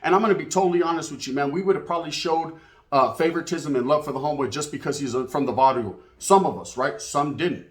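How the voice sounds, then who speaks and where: A man's voice: on the high side, quick pace. A man telling a street story in casual, profane slang, dropping in Spanish words. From California.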